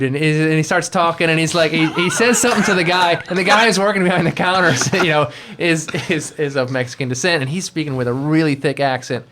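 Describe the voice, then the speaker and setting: A man's voice: fairly high pitch, noisy background. A man telling rambling, laughing work anecdotes in a casual podcast chat, now and then mimicking other people's voices. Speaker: guest, environment artist.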